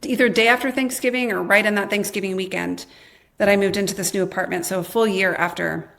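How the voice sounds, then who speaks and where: Woman with a gravelly edge, telling her story. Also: mid-range voice, fast talker. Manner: quotes her past self in lively bursts, frequent "like". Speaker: podcast guest, memoir author. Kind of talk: candid personal storytelling.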